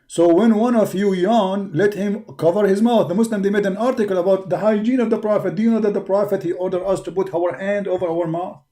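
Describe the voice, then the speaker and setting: Tired, high-voiced man in broken English. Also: fairly even intonation, a little fast, dark tone. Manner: repetitive, addresses listeners as brother, broken English; mocking, argumentative. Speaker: livestream host. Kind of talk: livestreamed religious critique talk.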